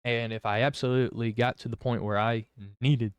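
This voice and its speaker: Young man, personal testimony, rambling and candid, smooth voice, dry close sound. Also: mid-range voice, level tone, a little fast, no room sound. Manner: rambling, candid, many fillers and restarts. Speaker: vlogger.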